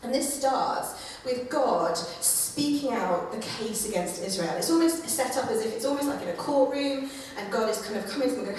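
A woman giving a conversational sermon, with many fillers and lively acted-out quotes. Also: on the high side, normal speed, hardly any pauses, distant mic, a little hiss or hum. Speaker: preacher. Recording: echoey room, voice from afar.

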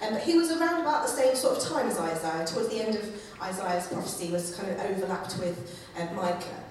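A woman giving a conversational sermon, with many fillers and lively acted-out quotes. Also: mid-range voice, a little fast, far from the mic, slight background noise. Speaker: preacher. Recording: echoey room, voice from afar.

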